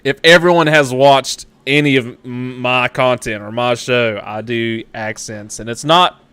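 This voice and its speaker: A man's voice: medium pitch, unhurried, a bit bright, clean tone, no room sound. A man hosting a live web show, casual and self-mocking, laughing often. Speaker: webshow host. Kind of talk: casual live-stream interview.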